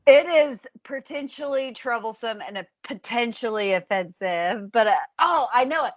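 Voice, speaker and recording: A woman co-hosting a comedic history podcast, telling the story in a playful, animated way with frequent laughter. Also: a little high, moderate pace, no echo, poor audio. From United States. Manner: animated storytelling with giggles and silly voices. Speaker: podcast co-host.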